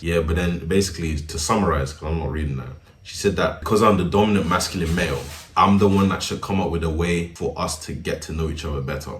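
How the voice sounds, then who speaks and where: A young man narrates a storytime in a deep, low voice. His delivery is casual and slangy, and he sounds incredulous as he keeps calling the listener "bro". The room around him rings with a noticeable echo. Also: quick pace, few pauses, slight background noise. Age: young adult.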